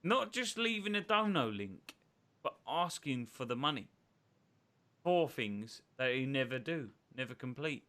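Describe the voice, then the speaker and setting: A man's voice: medium pitch, sing-song, measured pace, sharp tone. A man chatting bluntly on a live stream, swearing and often repeating his words. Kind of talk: casual chat on a live stream.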